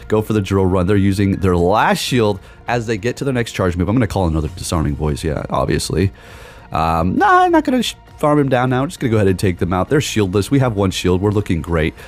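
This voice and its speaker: A young man giving excitable live commentary on his game, talking straight to viewers and exclaiming at big moments. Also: low voice. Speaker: gaming YouTuber. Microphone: desk microphone.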